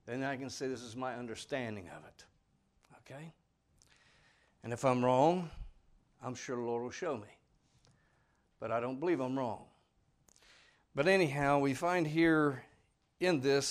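A man's voice: medium pitch, measured pace, pauses often. Earnest folksy preacher man. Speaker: pastor. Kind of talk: sermon.

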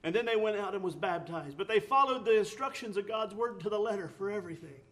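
High-voiced preacher man, earnest and emphatic. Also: lively intonation, quick pace, fairly bright tone. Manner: repeats words and restarts phrases. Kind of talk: sermon.

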